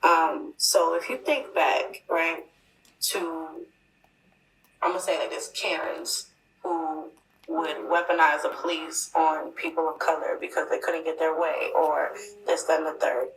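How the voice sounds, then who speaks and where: A woman's voice: low voice, flat delivery, a little slow, soft background music. A woman in casual chat, speaking emphatically and often checking in with her listeners. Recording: echoey room, distant mic.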